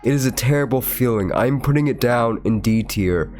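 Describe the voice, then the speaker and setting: A man's voice: medium pitch, normal speed, a little mellow, soft background music. A man with a cold and a slightly nasal voice, chatting casually as a VTuber host while ranking foods. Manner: chatty and rambling, with chuckles. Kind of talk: casual chat, rating foods on a tier list. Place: his room.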